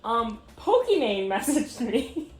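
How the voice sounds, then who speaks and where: A woman's voice: on the high side, sing-song, takes it slowly, darkish tone. A woman hosting a casual vlog, chatty, laughing and swearing a little. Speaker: video host.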